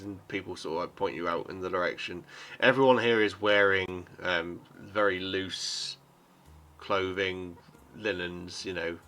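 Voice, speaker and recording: Man running a tabletop game, bright voice. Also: low-pitched, moderate pace, slight background noise. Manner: casual, hesitant with many fillers. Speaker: game master.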